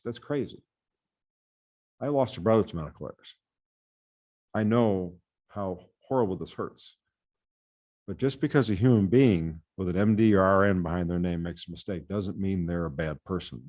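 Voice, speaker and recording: A man with a notably low voice delivers prepared testimony before a committee. He speaks earnestly as a patient safety advocate from the US Midwest and often restarts on a repeated word. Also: moderate pace, darkish tone.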